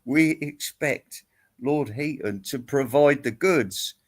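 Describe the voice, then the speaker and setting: A man's voice: mid-range voice, takes it slowly. A man giving a rambling, teasing, crude rant aimed at other online commentators. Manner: teasing, crude, laughs at own jokes. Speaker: YouTube commentator. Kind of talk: rambling mock-serious rant.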